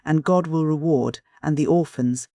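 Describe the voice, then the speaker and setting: A man voicing a timid, distressed young woman who speaks haltingly, in an audiobook. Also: fairly high pitch, warm tone, no room sound, studio quality, natural voice. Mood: tearful. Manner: halting and broken-off.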